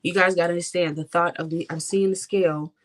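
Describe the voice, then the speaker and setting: A woman's voice: on the low side, steady tone, fast. A young woman vlogger giving an impassioned personal testimony, talking straight to her viewers. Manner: impassioned, addresses viewers directly.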